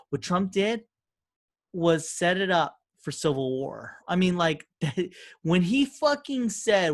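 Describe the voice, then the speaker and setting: Profane, animated male podcast co-host. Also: high-pitched, moderate pace. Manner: profane, animated, swearing a lot. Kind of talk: casual political chat.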